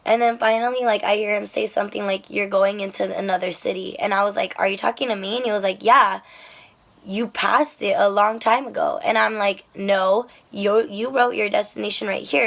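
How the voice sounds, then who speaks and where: A young woman telling a rideshare-driving story to the camera in a chatty, animated way, with lots of fillers and swearing. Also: medium pitch, gravelly. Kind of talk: casual storytelling vlog.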